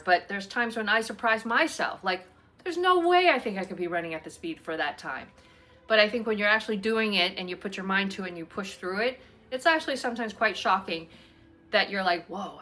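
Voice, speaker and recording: A woman's voice: medium pitch, sharp tone. A woman hosting a casual chat at home, talking in a rambling, chatty way with many fillers. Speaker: host.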